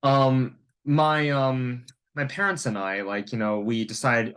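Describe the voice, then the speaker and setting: A man's voice: mid-range voice, expressive, unhurried, fairly bright tone, clean tone. A young man from Canada telling a personal story in a casual, rambling way, full of fillers. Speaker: vlogger.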